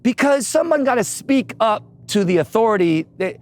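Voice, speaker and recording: Lively high-voiced man telling funny stories. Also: normal speed. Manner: animated, laughing, acts out the people he quotes. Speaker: guest musician. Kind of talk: comedic storytelling in casual chat.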